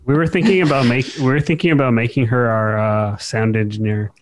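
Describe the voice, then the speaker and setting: A man's voice: medium pitch, fairly even intonation, fairly quick, noisy background. An American man in casual podcast chat, rambling with many "like"s. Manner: rambling, heavy use of "like". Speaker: podcast co-host.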